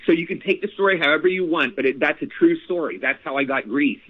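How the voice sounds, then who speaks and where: A man in his sixties, an actor guest telling stories in a casual interview, animated and repeating phrases. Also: a little high, fast, hardly any pauses. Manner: animated, repeats phrases, addresses host by name. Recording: tinny phone line.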